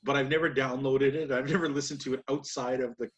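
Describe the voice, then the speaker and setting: A man's voice: mid-range voice, steady tone, fast talker. A man co-hosting a podcast, recapping wrestling matches in casual, rambling chat and laughing often. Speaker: podcast co-host.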